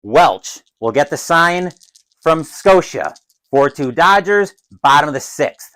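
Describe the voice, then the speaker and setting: A man calling a tabletop dice baseball game as a solo play-by-play announcer, who gets loud and excited on big plays. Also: on the high side, slow pace, rough recording. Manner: adds his own crowd cheers.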